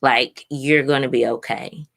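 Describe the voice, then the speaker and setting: A woman's voice: extremely low pitch, steady tone, unhurried, creaky, fairly bright tone. A woman co-hosting a church conversation, sharing memories in an emotional, tender way. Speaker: pastor's wife and co-host. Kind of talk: reflective conversational chat.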